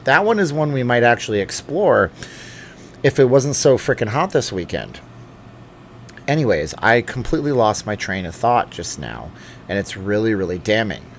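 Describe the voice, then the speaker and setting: A man's voice: medium pitch, sing-song, normal speed, a little hiss or hum. A middle-aged man hosting a casual late-night livestream from home, reading viewer comments aloud and joking with asides. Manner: chatty and joking, thinks aloud with fillers and asides. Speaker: channel host answering live chat.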